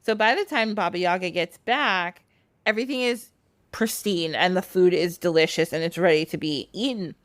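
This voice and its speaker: A woman's voice: on the low side, moderate pace, dry recording. A woman casually retelling a folktale on a podcast, chatty and laughing often. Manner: chatty, laughing, filler 'like'. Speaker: podcast storyteller.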